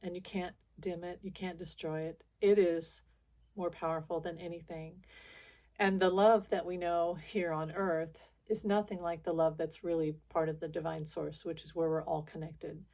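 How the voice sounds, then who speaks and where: A woman's voice: fairly low pitch, flat delivery, moderate pace, darkish tone. Frustrated rambling woman vlogger. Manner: rambling and frustrated, with restarts and little laughs. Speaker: spiritual video channel host. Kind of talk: casual monologue to viewers.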